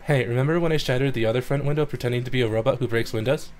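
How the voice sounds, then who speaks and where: Guy reading a snarky teen daughter, deadpan jokes, mid pitch, a little music under it. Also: very fast, lightly acted. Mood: teasing. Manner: deadpan, dry comebacks. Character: sarcastic teenage daughter, clumsy and teasing. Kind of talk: reading game dialogue aloud.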